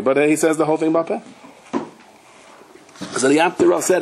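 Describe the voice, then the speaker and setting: A man giving a Torah class as a rabbi, telling parables with animated delivery and acting out the people in his stories. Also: on the high side, fast, poor audio. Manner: animated storyteller, slips into character voices and Hebrew and Yiddish terms.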